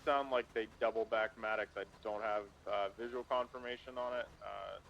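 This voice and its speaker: Man, mid-pitch, terse radio-officer callouts over noise. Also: fairly even intonation, normal speed, gravelly, fairly bright tone, muffled recording. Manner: clipped, procedural. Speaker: roleplay police officer. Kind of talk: radio callouts in police roleplay.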